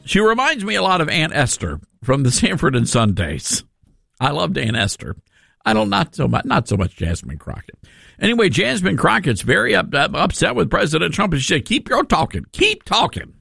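A man hosting a talk radio show, animated and sarcastic in his commentary. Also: fairly high pitch, moderate pace, vocal fry, husky, dry recording, studio quality, faint music behind. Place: radio studio.

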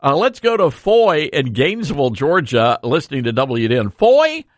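A man's voice: medium pitch, lively intonation, normal speed, no room sound, clean studio sound. A man hosting a call-in radio talk show, giving blunt, fired-up opinions.

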